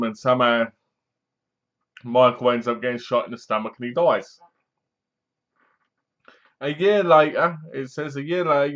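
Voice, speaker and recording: A man's voice: mid-range voice, lo-fi sound. A man reviewing a film in a casual, rambling way with wry humor. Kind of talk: casual spoken movie review.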